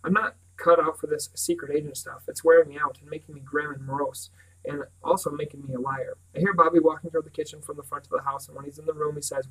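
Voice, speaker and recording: A man narrating an audiobook in a steady, reflective reading voice. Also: a little high, quick pace, recorded from a distance, rough recording. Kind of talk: scripted narration.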